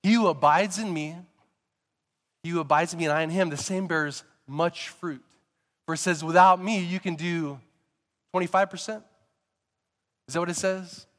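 A man preaching a sermon, telling stories in a lively way and sometimes rising to emphatic shouts. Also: on the high side, normal speed, long reverb tail. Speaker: pastor.

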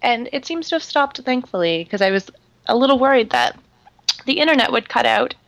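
A woman from Canada, a podcast co-host calling in over the line, chatting casually and telling stories with lively acted-out voices. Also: a little high, fairly quick, gravelly, dry recording. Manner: animated storyteller acting out other people's voices. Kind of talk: casual chat. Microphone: phone line.

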